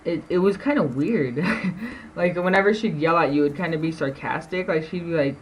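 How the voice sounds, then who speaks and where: A man's voice: on the high side, moderate pace, slight background noise, low-quality recording. A teenage boy telling stories from school to camera in a rambling way, with many fillers and laughs between sentences. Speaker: vlogger. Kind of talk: casual storytelling to camera.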